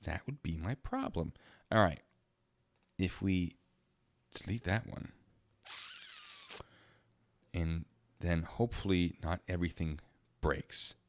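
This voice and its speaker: A man's voice: low-pitched, takes it slowly, long pauses. A man hosting a casual livestream, rambling and thanking donors by name. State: a little out of breath. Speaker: livestream host.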